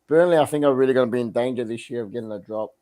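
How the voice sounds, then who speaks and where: A man's voice: medium pitch, rapid-fire, mellow. A man co-hosting a casual football podcast, easygoing and full of "mate", joking with his mates. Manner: easygoing, laughs, says "mate" a lot.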